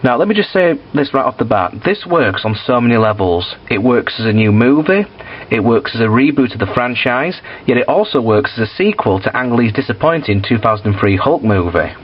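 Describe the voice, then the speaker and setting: A man's voice: mid-range voice, expressive, fairly quick, husky, highs cut off. A man reviewing films in a casual, blunt and sweary way, with frequent fillers. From United Kingdom. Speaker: film reviewer.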